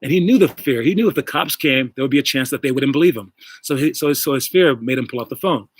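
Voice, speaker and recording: A man's voice: mid-range voice, fast, breathy edge, dry recording. Rambling casual male coach. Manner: rambling, filler-heavy, addresses viewers directly. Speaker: basketball coach and show host. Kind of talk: casual livestream talk and coaching. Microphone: wireless earbuds.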